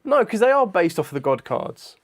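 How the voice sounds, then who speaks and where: A young man chatting casually on a live stream, thinking out loud in a hesitant way with frequent ums. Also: high voice, sing-song, brisk. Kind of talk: casual live-stream chat during a trivia quiz.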